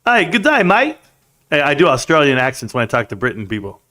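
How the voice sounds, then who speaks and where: A man's voice: medium pitch, rapid-fire, sharp tone, close to an everyday voice. A man hamming up a cheery mock Aussie bloke. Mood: joking. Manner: playful exaggerated put-on accent.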